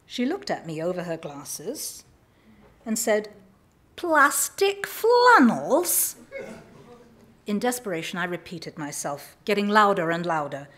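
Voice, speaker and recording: A woman from England, reading aloud a humorous personal story in a lively, self-mocking way. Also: fairly low pitch, normal speed. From southern England. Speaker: writer reading her work.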